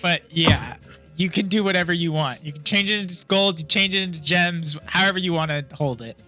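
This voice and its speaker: A man's voice: sits high, a little fast, pushed and bright, faint music behind. A man running a tabletop game as game master, easygoing and laughing often.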